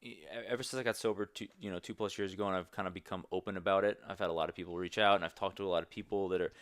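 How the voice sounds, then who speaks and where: Young man, very deep voice, dry close sound, earnest, rambling, candid podcast guest. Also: steady tone, racing, smooth, no room sound. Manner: earnest, rambling, many restarts. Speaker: podcast guest, strength coach. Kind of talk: candid conversational interview.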